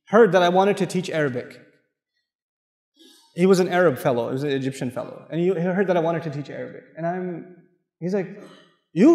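A high-pitched man from Pakistan preaches to a crowd in a large mosque hall. He tells lively stories and plays out the dialogue himself. His voice rings through a roomy space with a long trailing reverb. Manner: animated storyteller who acts out dialogue and jokes with the crowd. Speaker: Islamic lecturer. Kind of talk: mosque lecture with personal stories.

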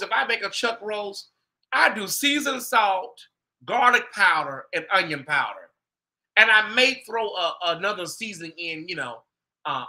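A high-pitched man with a very bright, sharp voice hosts his own show. He gossips and chats casually with his viewers, full of animated asides. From United States. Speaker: host.

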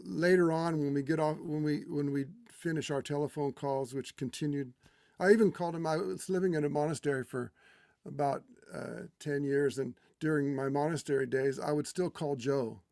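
Middle-aged man, a touch high, gravelly; halting, tender memorial tribute. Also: no echo, studio quality. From California. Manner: halting, with many restarts and fillers, growing quiet and tender. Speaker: guest speaker at a memorial. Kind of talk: heartfelt personal remembrance.

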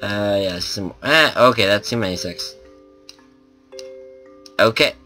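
A man's voice: lowish voice, lively intonation, slow pace, bright, forceful tone, faint music behind. A man giving casual gameplay commentary as a let's play host, rambling and thinking aloud with lots of fillers.

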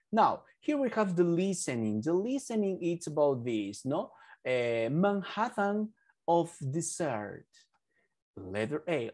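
A man's voice: mid-range voice, a little mellow. A Spanish-speaking man teaches an English class. He explains patiently and often corrects himself. His voice rises and falls a lot as he talks.

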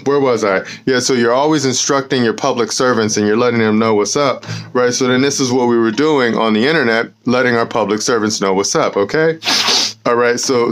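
Rambling man talking outdoors. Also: medium pitch. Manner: rambling, fills with "right?" and "you know". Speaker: show host. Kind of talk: casual talk to camera. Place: outdoors in the cold.

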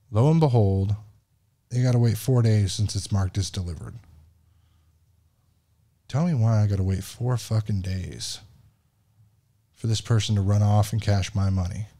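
Man, podcast host, low dark voice, swears through a frustrated story. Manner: frustrated, profane, quotes other people in dialogue. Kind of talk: casual storytelling.

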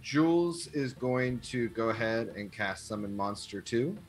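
A man playing a tabletop game, talking in a matter-of-fact, deliberate way. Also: medium pitch, animated. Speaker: player. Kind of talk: casual tabletop play.

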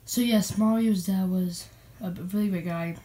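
A woman's voice: mid-range voice, steady tone, normal speed, dark tone, lightly acted. A woman voicing an earnest male cartoon guest who rambles through a eulogy, correcting himself as he goes, in a homemade puppet show.

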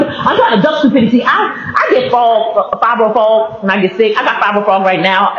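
A man with a high, very lively voice talks through a casual faith-based monologue, rambling and laughing as he goes. He restarts sentences often. The recording is roomy and slightly dull. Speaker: vlogger.

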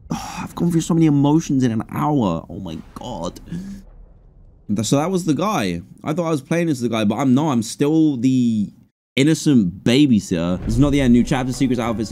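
A man giving excitable let's play commentary on a horror game, with sudden high yelps. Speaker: gaming streamer.

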